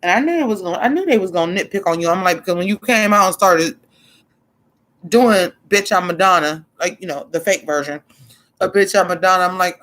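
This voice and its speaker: A woman streaming her take on a drag show, blunt and expressive, cursing freely and answering viewers in a relaxed, chatty flow. She keeps her tone casual and outspoken throughout. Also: fairly low pitch, fairly quick. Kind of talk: casual livestream commentary.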